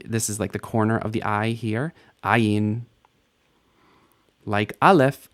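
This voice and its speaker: A patient, playful teacher with a lowish voice leads a recorded Hebrew lesson. He sounds out the letters and vowels individually, spells out sounds slowly, repeats words, and jokes lightly along the way.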